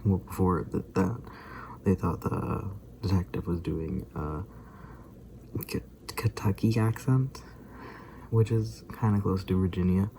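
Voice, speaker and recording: Young male vlogger, dark, mellow voice, loose rambling delivery with frequent chuckles. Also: sits low, a little slow, vocal fry, pauses often, slight background noise. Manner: rambling, chuckling often, animated retelling. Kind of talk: casual rambling monologue.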